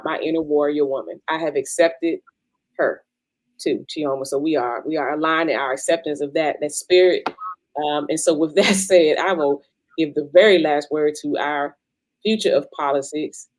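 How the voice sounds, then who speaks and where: A woman's voice: low-pitched, dry recording, rough recording. Rambling, playful woman in her forties. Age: 40s. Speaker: panel moderator. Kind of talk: casual panel hosting.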